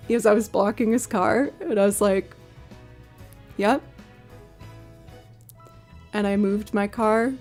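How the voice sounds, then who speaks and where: A woman in casual livestream chat, telling a story and slipping into the voices of the people in it with big leaps up in pitch. Her voice sits in a middle register, and faint music plays behind her. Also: slow, long pauses. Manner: animated storyteller who acts out quotes with big pitch jumps. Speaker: streaming musician.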